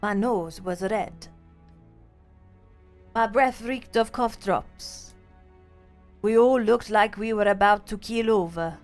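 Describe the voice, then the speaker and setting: A woman voicing a weary middle-aged male detective who shivers and talks in a slow, dragging, hushed way. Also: medium pitch, soft background music, natural voice.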